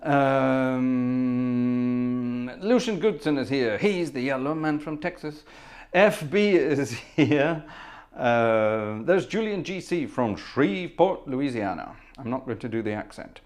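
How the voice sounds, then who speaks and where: A man's voice: mid-range voice, lively intonation, slow, darkish tone. Guy on headphones doing a home livestream, casual, jokey, reading out names from chat. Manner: chatty, jokey, greets viewers by name. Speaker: livestream host and organist. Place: home music room.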